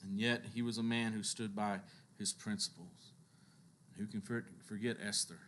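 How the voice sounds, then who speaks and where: A man preaching a sermon who tells Bible stories with lively, acted-out quotes and occasional chuckles. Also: moderate pace, a little hiss or hum. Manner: animated storytelling, acting out biblical quotes with shifts in pitch and loudness.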